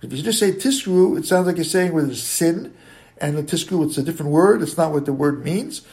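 A man teaching a daily Talmud class. He talks in a halting way, circles back to rephrase, and slowly sounds out words to show how they should be pronounced. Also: on the high side, lively intonation, a little mellow.

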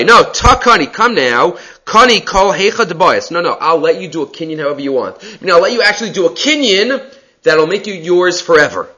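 A man teaching a text study class, reading passages aloud and explaining them in a relaxed, conversational way. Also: a little high, poor audio. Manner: answers student questions. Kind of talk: Talmud class lecture.

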